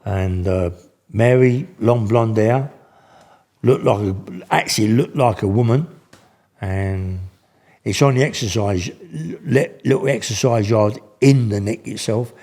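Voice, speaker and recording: A man's voice: lowish voice, unhurried, darkish tone. An older man, telling stories in casual, slangy speech with many restarts. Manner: rambling, slangy, full of restarts. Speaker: guest. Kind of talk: casual storytelling.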